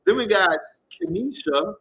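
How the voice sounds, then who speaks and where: Male livestream tarot host: high, bouncy voice, crisp tone, rambling and profane, reading chat aloud. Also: animated, unhurried, a bit bright, a little hiss or hum, low-quality recording. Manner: rambling, profane, reads viewer comments aloud. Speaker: tarot reader hosting a livestream.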